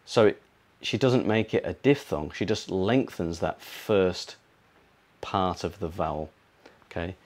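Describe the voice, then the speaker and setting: A British man teaching a pronunciation lesson, explaining slowly and repeating words to model them. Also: sits low, expressive, darkish tone. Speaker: English teacher.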